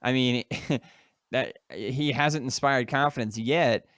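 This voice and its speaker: Young man, casual podcast co-host, smooth resonant voice, dry close sound, jokey and rambling. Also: mid-range voice, slow, a bit bright, dry recording. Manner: jokey, loose, lots of fillers and restarts. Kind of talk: casual sports podcast chat.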